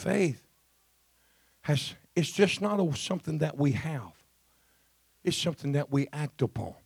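A man's voice: a little high, animated, measured pace, gravelly, slightly rough, dry recording. A man preaching a Pentecostal sermon, fervent and emphatic, repeating his phrases.

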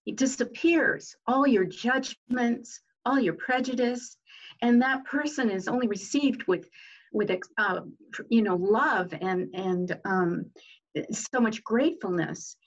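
Woman guest, earnest and unhurried, on lo-fi audio; inspirational talk with fillers. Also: on the high side. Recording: dull lo-fi sound.

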